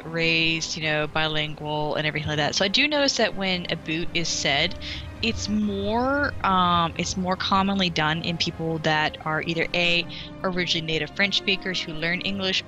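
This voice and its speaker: A woman's voice: on the low side, sharp tone. A woman co-commentating a game stream in casual chat, rambling with lots of fillers and restarts.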